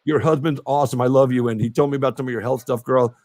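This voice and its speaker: A man's voice: medium pitch, steady tone, fast, darkish tone, no echo. A man hosting a casual interview show, rambling with lots of fillers, swearing freely and laughing often. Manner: rambling, profane, laughs a lot. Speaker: podcast host.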